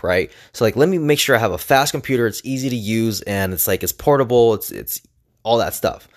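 A young man casually telling a rambling personal story to camera, full of "like" and restarts. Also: lowish voice. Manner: rambling, filler-heavy with frequent "like". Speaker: vlogger.

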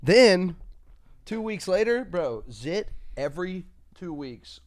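A man's voice: high voice, very animated, takes it slowly, dry recording. A young man co-hosting a podcast, trading slangy jokes and banter. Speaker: podcast co-host. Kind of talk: casual podcast chat.

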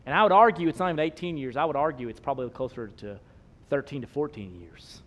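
A man, preaching a sermon, swinging between loud emphasis and soft low asides. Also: quick pace. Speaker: pastor.

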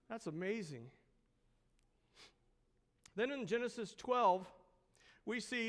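A man's voice: high voice, lively intonation, slow pace, long pauses, in a large hall. A man preaching a sermon as a pastor, stretching out words for emphasis and asking the congregation rhetorical questions.

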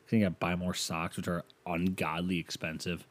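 A man hosting a solo podcast, ranting casually and profanely with loud exasperated outbursts, tired and yawning. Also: low voice, flat delivery, brisk, slight background noise. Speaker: podcast host.

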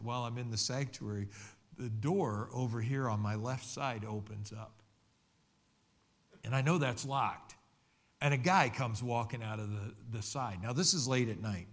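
A man's voice: medium pitch, steady tone, normal speed. A middle-aged man preaching a sermon, telling a personal testimony in an earnest, conversational way with many restarts. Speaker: pastor.

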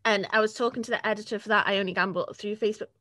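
A young woman, chatting casually as an interview guest, sweary and quick to laugh. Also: medium pitch, steady tone, sharp tone, no echo, studio quality. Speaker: podcast guest, freelance journalist.

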